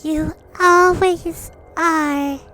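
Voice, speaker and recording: A man voicing an anxious, devoted young woman in a soft falsetto while reading a visual novel aloud. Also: steady tone, drawn-out words, soft background music, exaggerated voice. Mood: tender.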